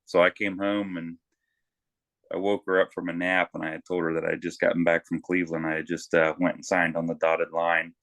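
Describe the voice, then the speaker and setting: A man, a Navy veteran, talking casually in an interview and telling animated stories from his service, swearing freely and acting out shouted lines. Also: low-pitched, fairly quick, vocal fry, no room sound. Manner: animated storyteller, swears freely, acts out yelling.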